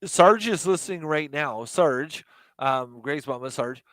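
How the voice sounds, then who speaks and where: A male co-host chatting loosely on a podcast, joking and chiming in with quick agreement. His voice is fairly high for a man, and the sound is dry and close. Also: lively intonation, fairly bright tone, no echo. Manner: joking sidekick with short agreeing replies. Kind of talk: casual podcast chat.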